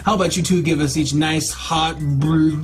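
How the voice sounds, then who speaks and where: A man's voice: a little high, steady tone, normal speed, faint music behind, lightly acted. A man voicing a cocky, showy young male classmate who talks dramatically. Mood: smug.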